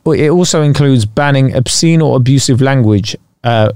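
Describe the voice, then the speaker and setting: A man's voice: medium pitch, normal speed, a little mellow, no room sound, studio quality. A man hosting a podcast, reading out facts and chatting casually. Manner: chatty, sweary, reads out facts. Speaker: podcast co-host. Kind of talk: casual chat.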